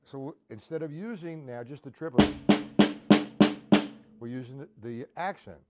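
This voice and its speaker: A man's voice: medium pitch, normal speed, over loud music. A man teaching a live-streamed drum lesson, counting beats aloud and checking in with his viewers. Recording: drum kit playing behind voice. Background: loud drum kit.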